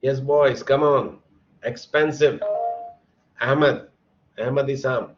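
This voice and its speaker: A man's voice: mid-range voice, steady tone, slow. A man teaching an online grammar class, explaining patiently and spelling words out letter by letter. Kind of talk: online English grammar lesson. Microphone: computer mic on a video call. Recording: dull lo-fi online call audio.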